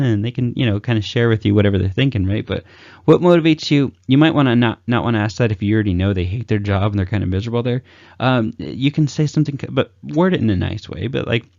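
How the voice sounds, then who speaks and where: Gravelly low-voiced man giving casual advice. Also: quick pace, a little mellow, dry recording. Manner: loose and chatty, many fillers, acts out upbeat sample greetings. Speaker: communication advice host. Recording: dull lo-fi dry recording.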